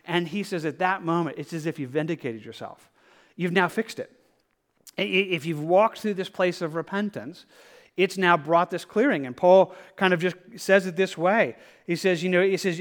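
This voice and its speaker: A male pastor preaching a verse-by-verse sermon in a fairly high voice. He talks earnestly and conversationally, slipping into the inner voice of a struggling believer. He trips over his words and restarts often. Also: normal speed, a bit bright. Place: church sanctuary.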